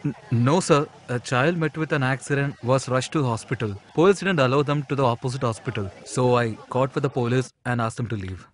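A man's voice: medium pitch, fairly quick, natural voice. An actor dubbing an earnest young man who explains himself respectfully. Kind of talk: film dubbing.

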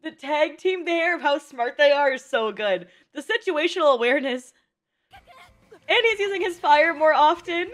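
High-pitched excitable woman reacting. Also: normal speed. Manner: excitable, swearing, laughing often. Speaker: anime reaction streamer. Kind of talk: casual reaction commentary.

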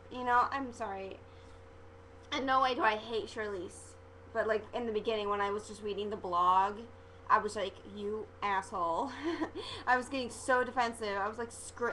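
A woman's voice: medium pitch, sharp tone, slight background noise, poor audio. A young woman chatting in a rambling, gossipy way in her bedroom as a fan vlogger. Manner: chatty, rambling, quick to get defensive. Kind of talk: casual chat. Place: bedroom at home.

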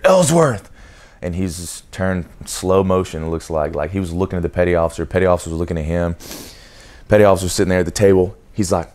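Young man, low-pitched voice, casual storytelling, animated, speaks straight to viewers. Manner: animated, acts out shouted commands mid-story; talks straight to viewers with repeated "okay?". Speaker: vlogger and Navy sailor.

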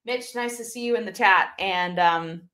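A young YouTube host streams casually from her desktop at home, reading out viewer comments. She speaks at a moderate pace in a medium-pitched, pushed, bright voice, staying upbeat and using plenty of fillers.

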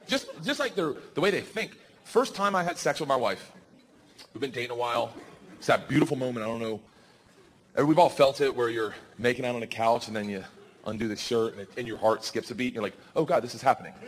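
A man doing a stand-up comedy set on stage, telling stories loudly with swearing and acted-out voices. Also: medium pitch, fast. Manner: loud, animated storytelling with swearing and acted-out voices. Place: comedy stage before a live audience. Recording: live audience noise in the background.

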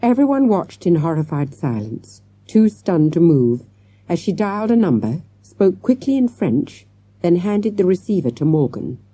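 A woman narrating a children's mystery audiobook in a lively, expressive storytelling manner. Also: on the low side, moderate pace, breathy edge, no echo. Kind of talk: scripted narration.

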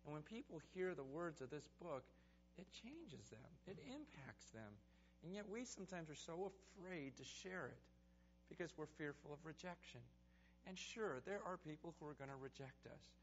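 A man, a pastor preaching a sermon and telling stories animatedly, then praying softly at the close. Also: on the high side, moderate pace. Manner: animated storytelling, building to excited peaks; soft, hushed prayer voice. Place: church sanctuary. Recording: dull, slightly noisy sermon recording.

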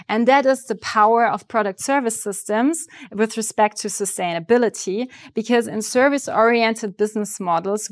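A woman lecturer giving a conference presentation, explaining ideas clearly and walking through examples step by step. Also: medium pitch, dry recording. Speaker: business school lecturer. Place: summit venue.

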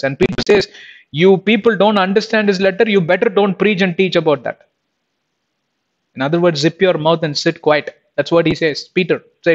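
Emphatic male preacher, rhetorical questions. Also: fairly high pitch. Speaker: preacher and Bible teacher. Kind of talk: sermon. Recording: dull lo-fi recording.

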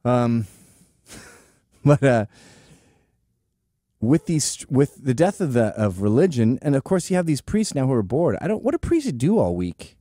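A man's voice: mid-range voice, very animated, a little slow, long pauses, mellow, no room sound, clean studio sound. A man in his forties hosting a show, delivering a profane, sarcastic comedic rant. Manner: profane, sarcastic, acts out quoted voices. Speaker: show host.

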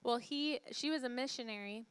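Preaching a sermon, this woman pastor is emphatic, repeats phrases, and poses questions to the congregation, then sinks into a soft hush to retell a story. Her voice sits on the high side and moves a little fast, smooth and without echo.

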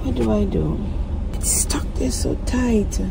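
A woman vlogger chatting casually and excitedly straight to her viewers. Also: fairly high pitch, slow, vocal fry, very noisy. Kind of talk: casual vlog chat to viewers.

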